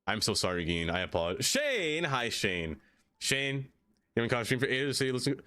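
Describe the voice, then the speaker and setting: Live-streaming a city-building game, a man with a clean, mid-range voice talks at a moderate pace. He's playful and readily excited, laughing often and calling out viewers by name in casual chat.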